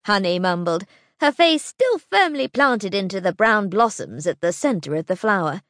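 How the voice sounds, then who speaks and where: A woman narrating a children's storybook audiobook in an expressive, storytelling manner. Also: mid-range voice, moderate pace, no room sound, studio quality.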